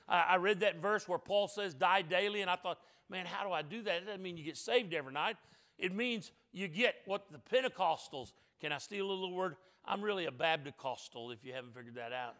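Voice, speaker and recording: A man preaching a sermon in a church, emphatic, moving between loud declarations and soft, joking asides to the congregation. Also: high-pitched. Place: church sanctuary.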